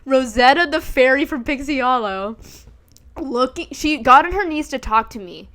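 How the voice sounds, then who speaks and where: A woman's voice: sits high, animated, moderate pace, pushed and bright. A woman in her twenties chatting candidly as a podcast host, swearing freely and often breaking into giggles. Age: 20s. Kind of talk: casual chat.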